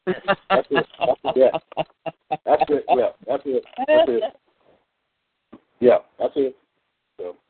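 Easygoing male show host, middle pitch, tinny phone-line sound. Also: wildly swooping pitch, takes it slowly, pauses often, husky. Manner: chatty, repetitive, laughs easily. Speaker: podcast host. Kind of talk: casual chat show hosting.

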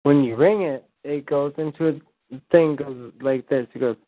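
A man's voice: a little high, moderate pace, dry recording. A man hosting a prank call show, chatting casually over a voice call and rambling through stammered restarts. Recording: tinny phone-like call audio, dry.

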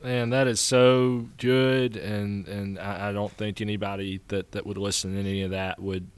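A man's voice: fairly low pitch, level tone, moderate pace, clear, resonant tone. A man hosting a podcast interview, enthusiastic and fired up, stumbling through restarts as he asks questions. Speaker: podcast host.

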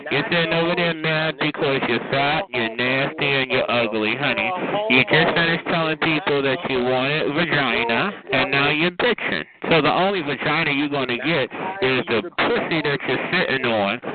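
A man calling into a phone chat line, trading sassy, drawn-out insults in a heated conversation. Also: mid-range voice. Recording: tinny noisy phone line.

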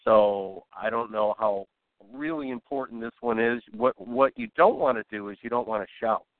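A man giving an informal spoken lesson on voice use, relaxed and rambling with many fillers and restarts. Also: on the low side, normal speed, no room sound. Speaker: voice coach. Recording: tinny, dry phone-like sound.

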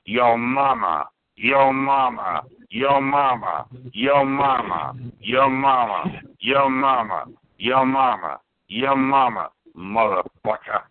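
A man's voice: mid-range voice, takes it slowly, no echo. A man using a voice changer, taunting and repeating insults in a voice chat. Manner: taunting, repetitive. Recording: tinny phone-like line.

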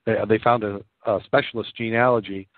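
A man's voice: on the low side, steady tone, fairly quick, no room sound, narrow, tinny audio. Chuckling man reading a joke. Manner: chuckly, laughs often, stumbles and repeats words. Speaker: podcast co-host. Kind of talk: casual chat, reading a joke aloud.

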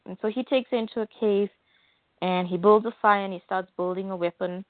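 A woman's voice: mid-range voice, steady tone, a little fast, no room sound. A woman hosting a podcast who loosely and chattily recaps a comic book. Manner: chatty, loosely retelling with fillers. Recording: phone-like dry audio.

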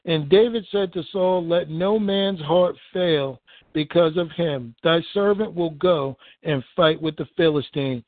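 A man's voice: fairly high pitch, unhurried, no echo. A man preaching a fervent, emphatic sermon, reading scripture aloud and expounding on it. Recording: tinny phone-like dry recording.

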